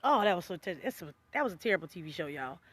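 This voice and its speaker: A woman vlogger with a lowish voice rants casually to her viewers on camera. She's loud and animated, packing her talk with slang, swearing, and quick laughs.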